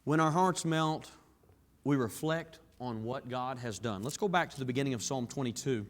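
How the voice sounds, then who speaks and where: A man preaching a sermon in a church, dropping to hushed tones and building to raised, emphatic climaxes. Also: mid-range voice, moderate pace. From Southern US. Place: church sanctuary. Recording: long reverb of a large hall.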